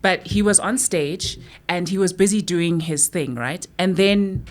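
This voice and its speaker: A woman with a lowish voice co-hosts a podcast in relaxed, casual chat. She tells stories with energy and slips into little acted-out quotes along the way. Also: measured pace. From South Africa. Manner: animated storyteller, acts out quotes. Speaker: podcast co-host.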